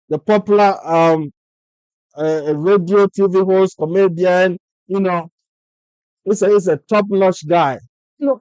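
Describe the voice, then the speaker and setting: A man's voice: sits high, darkish tone, smooth, dry recording, dull audio. A Ghanaian man with a Ghanaian English accent, speaking in an impassioned political vlog monologue full of repeated rhetorical questions. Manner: insistent, repetitive rhetorical questions. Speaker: political vlogger.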